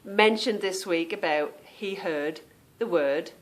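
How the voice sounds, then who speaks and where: An English woman with a British accent hosts a podcast, chatting casually in a meandering way and often trailing off. Her voice is lowish and her pace slow.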